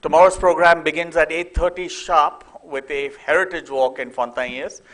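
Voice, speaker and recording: A man's voice: on the high side, steady tone, normal speed, fairly bright tone. A man hosts a festival, making friendly announcements with fillers. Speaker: festival organizer and event host. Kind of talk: event announcements. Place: lecture hall at a festival.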